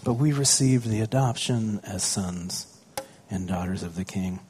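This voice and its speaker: A man's voice: lowish voice, a little slow, a little mellow, husky. A man, a pastor, preaching a conversational sermon with stories about his young children, often asking the congregation questions.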